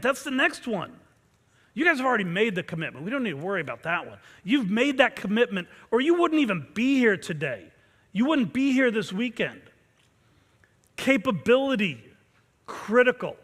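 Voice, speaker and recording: A man with a high, ringing voice delivers a fired-up pep talk as a martial arts instructor, pushing his class to chant with intensity. His words bounce around a big hall with a long echo. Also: fairly bright tone. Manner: intense, urging call-and-response chants. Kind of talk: motivational pep talk to students. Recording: long reverb from a large hall.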